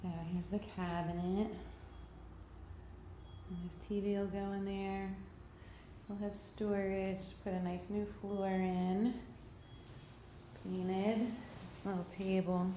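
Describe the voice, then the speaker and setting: A woman's voice: mid-range voice, level tone, takes it slowly, long pauses, dark tone, slight background noise. Tired woman rambling through a home tour. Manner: tired, rambling, plain-spoken. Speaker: mother vlogging a home tour. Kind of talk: casual home vlog, walking tour. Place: house, indoors and around the yard.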